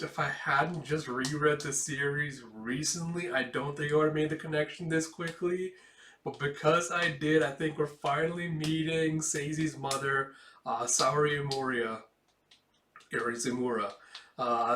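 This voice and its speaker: Casual comic reviewer, male, bright tone, roomy echo, excitable. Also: mid-range voice, slight background noise. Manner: excitable, laughs often. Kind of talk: casual read-along commentary.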